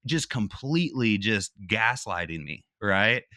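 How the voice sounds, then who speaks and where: A military veteran guest tells a personal story in casual talk, animatedly acting out other people's lines and dropping "dude" and "bro" along the way. His pitch is fairly low and his speed normal. The studio sound is clean, with no echo.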